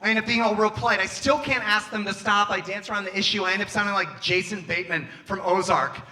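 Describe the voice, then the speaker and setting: A young man doing a stand-up comedy set, animated and acting out scenes in put-on voices on a club stage. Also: high voice, fast talker.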